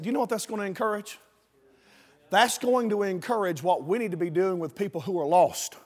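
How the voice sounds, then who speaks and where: A man preaching a sermon as pastor, emphatic and pleading, building to shouts. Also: high voice, fairly quick. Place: church auditorium. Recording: long reverb of a church auditorium.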